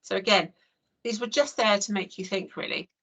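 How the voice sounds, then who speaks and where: A woman's voice: medium pitch, moderate pace, fairly bright tone. An English woman leading an online training session over a video call, chatty and full of "you know". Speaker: early years trainer.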